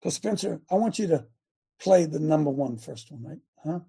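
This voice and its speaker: A man hosting a talk show in a preachy, rambling rant. He swings from loud outbursts to low asides and restarts his sentences often. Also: animated, normal speed, vocal fry, breathy edge. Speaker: show host.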